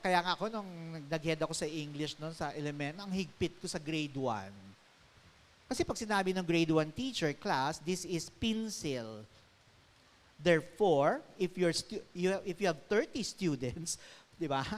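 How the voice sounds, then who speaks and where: A middle-aged man with a Filipino accent giving a chatty speech to college faculty as a guest speaker, often asking the audience questions and laughing between phrases. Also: sits high. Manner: chatty, switches between English and Tagalog, asks the audience often. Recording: echoey hall reverb.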